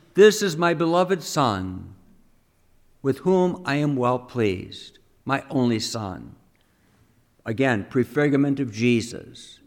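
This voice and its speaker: A man with a somewhat high voice giving a teaching homily. He speaks conversationally, often putting questions to his listeners. He acts out the quoted speech as he goes.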